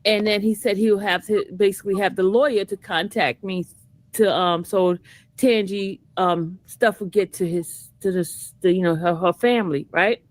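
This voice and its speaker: A woman's voice: mid-range voice, fairly even intonation, moderate pace, dry recording. A woman trial vlogger casually telling a story to her viewers, chatty and often laughing, calling them y'all.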